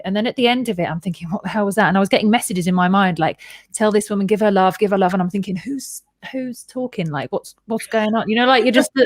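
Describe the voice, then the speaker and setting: A woman's voice: medium pitch, no room sound. Female guest, chatty and candid, tells a long personal story with acted-out reactions; dry, close recording. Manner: rambling, candid, swears freely, acts out her own reactions. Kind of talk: casual storytelling in conversation.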